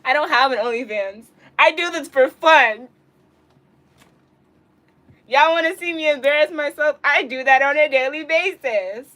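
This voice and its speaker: A young woman livestreams from her bedroom, casually chatting with viewers and reading out their comments. Bubbly and giggly, she swings between loud outbursts and low mumbles, speaking at a measured pace with long pauses.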